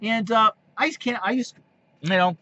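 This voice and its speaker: A man's voice: high-pitched, normal speed, bright, forceful tone. A man hosting a solo sports and wrestling podcast. He rambles and restarts his sentences, then slides into heated rants that scold opposing fans. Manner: rambling, repeats himself and restarts. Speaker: podcast host. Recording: dull lo-fi recording.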